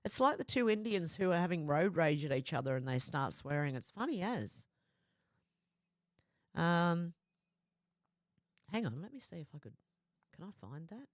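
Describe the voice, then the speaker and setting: An Australian woman hosts a casual livestream, reading viewer comments aloud and chatting back. Her voice sits a little low, and the sound is dry and close with no room around it. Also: normal speed, pauses often, no room sound. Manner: chatty, reads comments aloud in a lively quoting voice. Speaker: livestream host.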